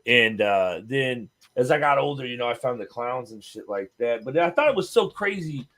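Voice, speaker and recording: A man's voice: medium pitch, expressive, moderate pace, a bit bright. A man, a guest on a show, telling stories in a casual, profane, rambling way and laughing often. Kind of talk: casual storytelling chat.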